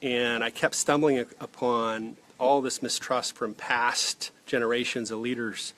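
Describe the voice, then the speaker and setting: A man's voice: mid-range voice, steady tone, unhurried, fairly bright tone. A man in his forties, a leadership coach talking casually to camera in an earnest, rambling way with lots of fillers and restarts. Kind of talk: casual direct-to-camera vlog.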